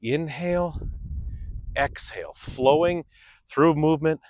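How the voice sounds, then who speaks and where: A man's voice: on the high side, slow, a little mellow, poor audio. A middle-aged man leading a guided stretching class, upbeat and chatty, sighing through the stretches. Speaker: fitness instructor. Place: outdoors under open sky.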